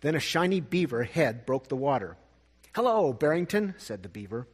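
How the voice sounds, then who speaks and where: A man reading a storybook aloud in a gentle, expressive way, with a husky voice. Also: medium pitch. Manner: gentle, expressive, slow at sad parts. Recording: long reverb.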